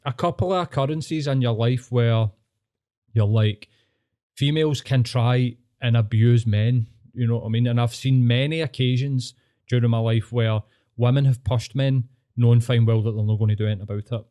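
A man's voice: medium pitch, steady tone, moderate pace, mellow. A man with a Scottish accent, hosting a casual podcast chat and telling blunt, sweary stories. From Scotland. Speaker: podcast host.

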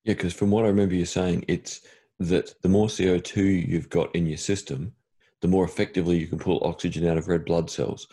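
Male host, deep and husky, a jokey interviewer. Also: little pitch movement, brisk, mellow. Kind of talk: casual interview chat.

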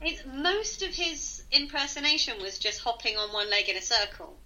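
A woman co-hosting a podcast in casual chat, giggly and quick to laugh at her own bad puns. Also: high voice, lively intonation, over a noisy crowd, rough recording. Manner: giggly, self-mocking about her puns. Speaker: podcast co-host.

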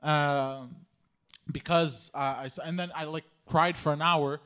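A man's voice: fairly high pitch, steady tone, unhurried, bright, forceful tone. Guest storyteller: man with a raised voice, rambling, laughs a lot, swears freely. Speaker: podcast guest. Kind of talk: casual storytelling.

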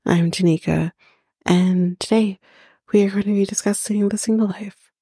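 A woman's voice: medium pitch, steady tone, moderate pace, warm tone, breathy edge, no room sound, clean studio sound. A woman hosting a podcast, recapping a reality show in casual chat, blunt and mocking, swearing freely. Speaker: podcast host.

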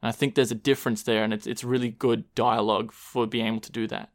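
A podcast host talks casually in a measured, thoughtful way. His voice sits at an ordinary middle pitch. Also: little pitch movement.

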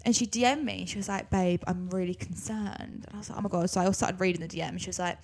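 A young woman from England, co-hosting a podcast, telling a story in a chatty, animated way. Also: medium pitch, very fast, vocal fry, husky. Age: young adult. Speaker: podcast co-host. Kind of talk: casual chat.

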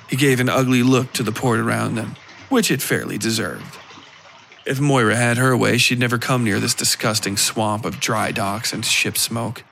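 A man reading a dark fiction story aloud in a measured narration style. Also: mid-range voice, steady tone, creaky, a little hiss or hum. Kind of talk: scripted horror story narration.

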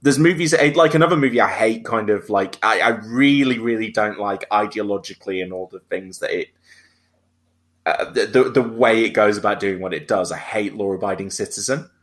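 A man's voice: fairly low pitch, a little fast, fairly bright tone. A man hosting a casual film discussion podcast, talking with frequent restarts and hesitations. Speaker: podcast host.

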